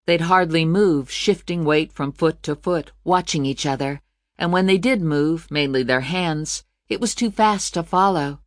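An audiobook narrator reading a novel in measured, scripted narration. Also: medium pitch, dry recording, clean studio sound.

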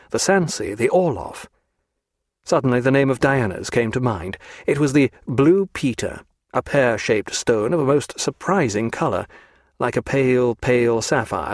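The novel is read aloud by a male audiobook narrator whose medium-pitched voice keeps an even, measured storytelling rhythm. His scripted reading comes through clean studio audio free of room sound.

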